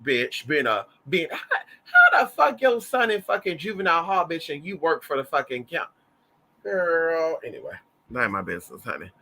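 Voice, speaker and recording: A man chats straight to his audience and spins a dramatic, profane story with plenty of sass. His voice sits a little high for a man. The tone is strikingly bright and cutting. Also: big pitch swings, moderate pace, vocal fry. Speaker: vlogger. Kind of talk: casual storytelling to viewers.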